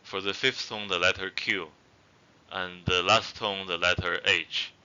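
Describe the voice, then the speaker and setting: A man with a very low voice teaches a language lesson in a casual, halting way, often pausing on fillers. His tone is bright and clear, though the recording sounds somewhat dull and lo-fi. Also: fairly even intonation. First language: not Zhuang. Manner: hesitant, many fillers and restarts.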